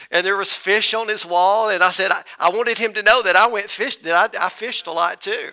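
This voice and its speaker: Bright, high-voiced preacher. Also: male voice, brisk, hardly any pauses. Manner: folksy, addresses congregation as folks and y'all. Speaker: pastor. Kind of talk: storytelling sermon. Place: church.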